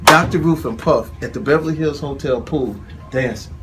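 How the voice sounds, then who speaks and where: A man telling an animated story in casual chat, acting out the people in it. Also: medium pitch, normal speed. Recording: steady background noise.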